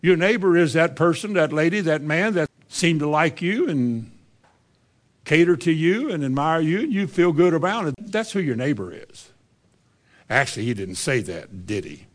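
A man's voice: fairly high pitch, expressive, normal speed. A man, preaching a sermon in a folksy, conversational way and reading scripture aloud.

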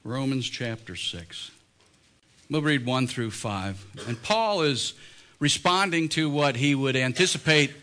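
Man, church pastor preaching; bright, forceful tone, pushes up in pitch for emphasis. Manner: emphatic, rising in pitch when stressing points. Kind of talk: sermon.

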